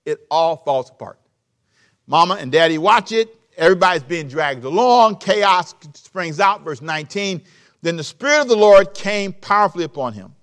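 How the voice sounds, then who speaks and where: A man's voice: high voice, lively intonation, moderate pace, fairly bright tone. A man preaching a sermon, reading scripture and explaining it in a loose, conversational way, repeating phrases and putting direct questions to his listeners.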